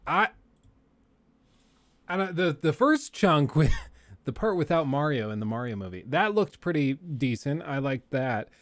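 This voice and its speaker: A man's voice: fairly high pitch, sing-song, a little slow, pauses often, dry recording. A young adult man hosting a live stream, reacting casually and rambling, thinking aloud with hedges and chuckles. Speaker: streamer, host.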